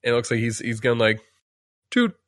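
A man's voice: mid-range voice, very animated, a little fast, no room sound, clean studio sound. A man chatting casually on a podcast, rambling with many restarts and fillers while acting out quotes. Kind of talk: casual chat.

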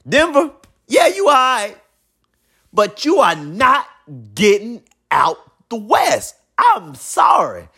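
High, animated man talking basketball. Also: slow, slightly rough. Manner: animated, blunt, colloquial, repeats himself. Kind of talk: opinionated basketball commentary monologue.

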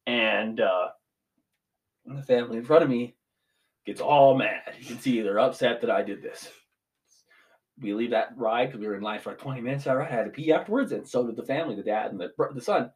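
A young man in his twenties ranting casually as a podcast co-host, swearing freely. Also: medium pitch. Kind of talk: casual chat.

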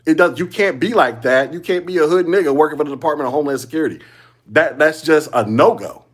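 A man's voice: fairly high pitch, quick pace, husky. A man hosting a solo podcast, giving casual commentary in loose slangy talk, repeating himself and chuckling often. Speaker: podcast host.

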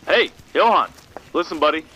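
A man's voice: fairly high pitch, animated, moderate pace, pushed and bright, highs cut off, a little hiss or hum. An actor playing an exasperated, profane former police officer who stammers as he talks. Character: exasperated, profane male ex-cop friend.

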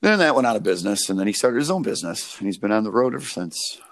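Young dude rambling on a podcast, swears a lot, tons of "like" and "uh", cracks himself up. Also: male voice, lowish voice, very fast. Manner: rambling, profane storytelling full of fillers; animated, laughs at his own stories. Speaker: podcast co-host. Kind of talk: casual chat.

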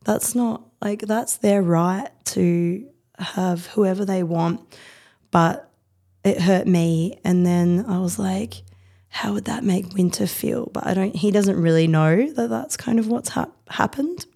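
A woman in her thirties, a podcast guest talking candidly in a rapid, rambling, heartfelt way with many fillers. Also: medium pitch, gravelly, mellow. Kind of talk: candid conversational interview.

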